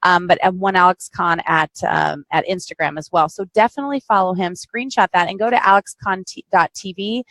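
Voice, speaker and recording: A woman's voice: lowish voice, brisk, few pauses, fairly bright tone, no echo. A middle-aged American woman hosting a live-streamed podcast over a video call, chatting casually, teasing and laughing often. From United States. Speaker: podcast host.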